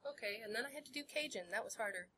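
A woman actor on a convention panel, animated and joking, poking fun at herself. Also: fairly high pitch, very fast, breathy edge. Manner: animated, joking, self-deprecating.

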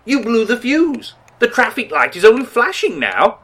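A man's voice: very high voice, wildly swooping pitch, normal speed, fairly bright tone, full character voice. An actor playing a righteous, pompous male archangel with formal, lofty speech in an audio drama. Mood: flustered.

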